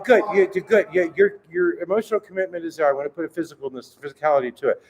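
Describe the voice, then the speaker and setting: A man leading a choir rehearsal, counting in and coaching singers with brisk encouragement. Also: on the high side. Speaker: choir director. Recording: reverberant hall with music playing.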